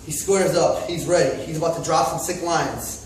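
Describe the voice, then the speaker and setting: A man's voice: on the high side, moderate pace. A young man telling a goofy story in a rambling, slangy way, recorded far from the mic in an echoey, noisy room. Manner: rambling, laughs, slangy asides. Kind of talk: casual comic storytelling. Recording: echoey distant room with noise.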